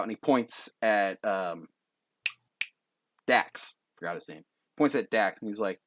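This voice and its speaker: Casual male game master, lively delivery. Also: lowish voice, normal speed, no echo, clean studio sound. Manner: casual, rambling with fillers. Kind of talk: narrating a tabletop game.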